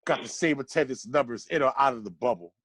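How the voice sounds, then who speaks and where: A man's voice: mid-range voice, fast, no room sound. A man co-hosting a casual podcast, laughing often and reading a comic rhyming poem with swagger. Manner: animated, laughs often, reads rhymes with swagger. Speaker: podcast co-host.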